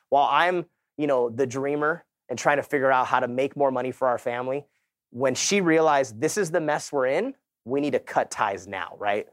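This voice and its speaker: A man delivers a motivational keynote in a lively storytelling style. He keeps turning to the audience with asides. His mid-range voice is recorded dry and close. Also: mid-range voice, no room sound. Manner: energetic, storytelling, addresses audience as guys. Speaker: conference speaker.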